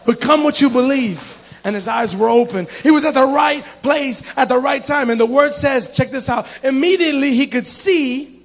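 A man preaching a sermon, animated, acting out the voices in his story and calling out to the congregation. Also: very high voice, normal speed.

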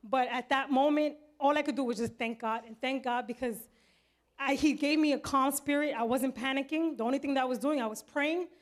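A woman's voice: high-pitched, brisk. A woman in her thirties telling a personal testimony to a congregation, earnest and vivid, acting out the voices in her story. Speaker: church member giving testimony.

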